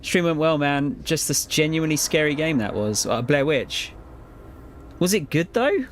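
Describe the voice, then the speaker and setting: A man's voice: fairly high pitch, animated, moderate pace, a little hiss or hum. A man chatting casually to viewers during a live game stream, rambling and laid-back with frequent swearing and laughter. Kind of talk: casual live-stream chat while gaming.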